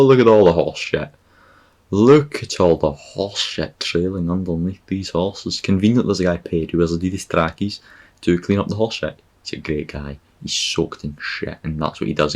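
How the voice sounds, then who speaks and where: Deep-voiced Scottish man, sarcastic ramble. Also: a little mellow. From Scotland. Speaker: podcast host. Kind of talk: comic travel monologue.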